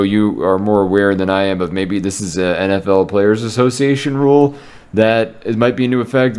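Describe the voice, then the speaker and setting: Man, very low voice, podcast co-host, casual sports chat, rambling with ums. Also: darkish tone. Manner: rambling, self-correcting, with filler ums.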